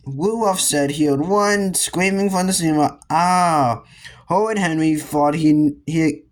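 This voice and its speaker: Slow, halting man reading a storybook. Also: a little high. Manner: halting, with frequent restarts and misread words. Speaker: reader. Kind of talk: reading a children's book aloud.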